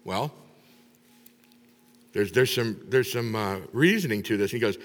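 A man preaching a sermon, retelling a Bible story in an animated way and acting out the characters' lines. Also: on the low side, a little slow, pauses often. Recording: long reverb of a large hall.

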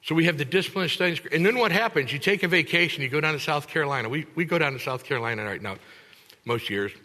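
A man preaching a sermon in church, teaching with animated emphasis and acting out congregants in voices. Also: on the high side, fast, long reverb tail. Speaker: pastor.

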